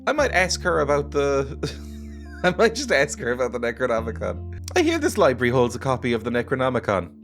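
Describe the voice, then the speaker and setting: A man's voice: mid-range voice, huge pitch swings, brisk, a bit bright. A man playing a game and chatting casually, joking and laughing as he goes. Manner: chatty, jokey, laughs often. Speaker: let's play gamer. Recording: music playing behind.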